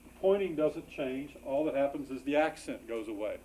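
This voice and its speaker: A man's voice: mid-range voice, animated, normal speed, warm tone, rough recording. A man teaching a grammar class, explaining patiently with many fillers and restarts. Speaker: biblical Hebrew instructor. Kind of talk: classroom lecture. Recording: faint background noise.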